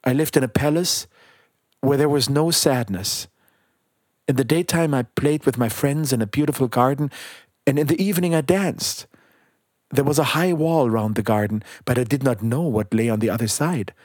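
A man voicing a sorrowful dead prince who is now a golden statue, speaking in a gentle, pleading way in a storybook reading. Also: mid-range voice, lively intonation, normal speed, dry recording, clean studio sound, lightly acted.

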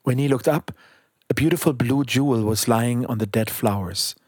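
A man reading a children's storybook aloud in a calm, steady narration. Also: mid-range voice, moderate pace, husky, dry recording, studio quality.

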